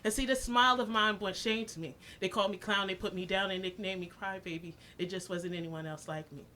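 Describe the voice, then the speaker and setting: A woman's voice: medium pitch, fairly even intonation, fairly quick, sharp tone, a little hiss or hum. A woman in her thirties from the New Jersey shore, a spoken word poet and activist who performs in a rhythmic style with repeated refrains. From Asbury Park area, New Jersey. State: emotional, voice catching.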